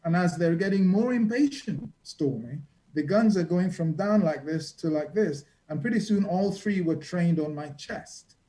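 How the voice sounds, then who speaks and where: A man's voice: high voice, expressive, normal speed, hardly any pauses, warm tone, rough recording. A man, a reporter and guest, telling vivid stories from his travels in a dramatic, conversational way. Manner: vivid, dramatic storyteller acting out quotes. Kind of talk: storytelling in a conversation.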